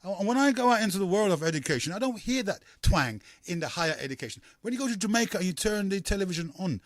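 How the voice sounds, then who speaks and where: High-voiced rambling male radio host. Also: expressive, no echo, clean studio sound. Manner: rambling, halting with many fillers. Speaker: radio talk show host. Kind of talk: call-in radio talk.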